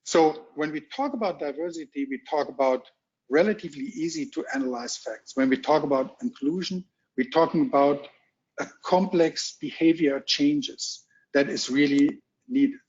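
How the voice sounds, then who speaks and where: A middle-aged man from Germany with a strong German accent, giving a keynote at a virtual roundtable in a halting, measured way with many ums, heard over muffled video call audio. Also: on the high side, darkish tone. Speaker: corporate executive keynote speaker. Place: home or office on a video call. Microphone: video call mic.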